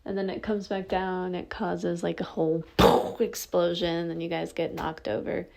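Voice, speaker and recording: A woman's voice: lowish voice, level tone, normal speed, vocal fry, a little mellow. A young woman casually narrating a listener role-play, rambling with many fillers and some swearing.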